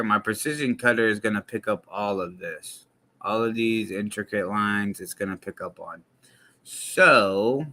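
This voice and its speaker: Young male streamer, slangy and profane, bright forward tone. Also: lowish voice. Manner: blunt and profanity-heavy, heavy slang. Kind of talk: casual livestream talk.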